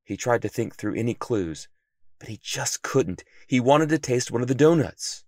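A man narrating a children's story in an expressive, animated reading voice. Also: medium pitch, normal speed, dry recording, studio quality.

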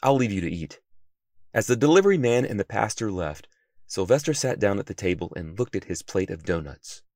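A man narrating a children's story in an expressive, animated reading voice. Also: lowish voice, fairly quick, no room sound, clean studio sound.

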